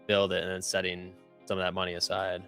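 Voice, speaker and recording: A man's voice: low-pitched, completely flat delivery, fast talker, sharp tone, soft background music. A young man trading on a live stream, talking loosely with many fillers and self-corrections. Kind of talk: casual chat.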